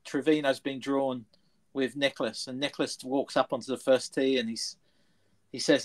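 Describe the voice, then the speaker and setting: A man on a sports panel show, chatting casually and telling animated anecdotes. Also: mid-range voice, normal speed, poor audio. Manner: anecdotal storyteller, animated retelling. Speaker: studio panelist.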